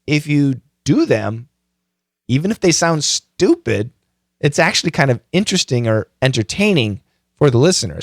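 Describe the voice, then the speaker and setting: A man's voice: a little high, no echo, clean studio sound. A middle-aged man hosting a podcast, giving a casual, chatty tutorial full of self-mocking jokes and frequent fillers. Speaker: podcast host.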